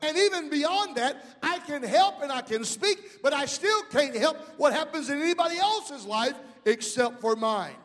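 A middle-aged male pastor preaching a sermon, calling out to the congregation and rising into shouts. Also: very high voice, expressive, normal speed, hardly any pauses, long reverb tail. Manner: preaching with call-outs to the congregation.

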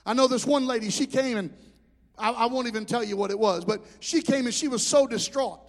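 A man preaching a sermon as pastor, telling animated stories. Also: very high voice, fairly quick. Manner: animated storytelling with shouted impressions. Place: church hall. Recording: hall reverb.

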